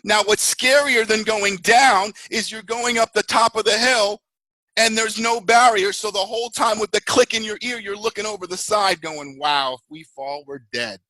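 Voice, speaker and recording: A man giving a motivational talk as a network marketing mentor, telling stories in an animated way and acting out screaming riders. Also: high-pitched, normal speed, no echo, poor audio.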